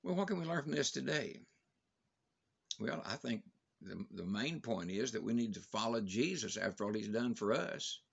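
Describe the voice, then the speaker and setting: A man's voice: medium pitch, lively intonation, moderate pace, creaky, husky, muffled recording. An older man giving a daily Bible devotion in a plain, conversational way, with fillers and restarts.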